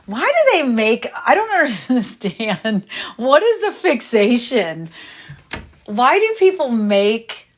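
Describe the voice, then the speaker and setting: A woman's voice: a little high, sing-song, takes it slowly. A middle-aged woman chatting casually on a livestream, rambling and exasperated as she talks to viewers. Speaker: livestream host.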